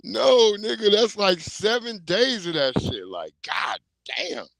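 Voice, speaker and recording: A middle-aged man hosts a casual livestream, spinning rambling comic stories full of swearing and easy laughter. His voice sits high and sounds bright and sharp, and the recording is dry and close with no room sound. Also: wildly swooping pitch, slow pace, creaky, no room sound. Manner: rambling comic storytelling, profane, laughing often. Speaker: livestream host.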